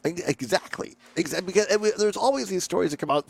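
Male radio host, gravelly, easygoing jokey banter. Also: sits high, lively intonation, quick pace, few pauses, no room sound. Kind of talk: casual radio talk.

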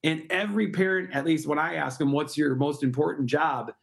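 A middle-aged man answering interview questions at length, earnest and persuasive. His voice sits a touch high for a man, and he builds his points with steady conviction. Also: fairly quick, creaky. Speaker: guest, park project founder.

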